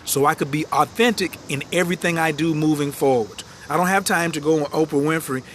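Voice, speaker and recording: Fast-talking animated male coach. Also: fairly high pitch, a little hiss or hum. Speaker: astrology and branding coach. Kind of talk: live-stream talk to viewers. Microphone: phone livestream.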